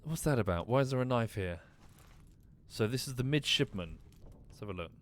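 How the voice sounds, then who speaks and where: A man's voice: medium pitch, expressive, a little fast, a little hiss or hum. A man streaming a mystery game, casually thinking aloud, muttering and swearing now and then. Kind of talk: casual gameplay commentary.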